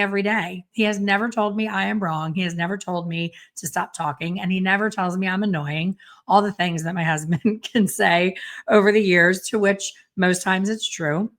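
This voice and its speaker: A middle-aged woman hairstylist hosting a casual solo podcast, chatty and self-deprecating with quick asides. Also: mid-range voice, fairly bright tone. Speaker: podcast host and hairstylist educator.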